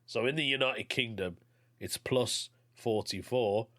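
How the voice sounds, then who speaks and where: A man's voice: medium pitch, a little slow, fairly bright tone. A man hosting a podcast, reading out a listener's story and chatting about it in an offhand way. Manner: chatty, offhand, says mate. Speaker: podcast host.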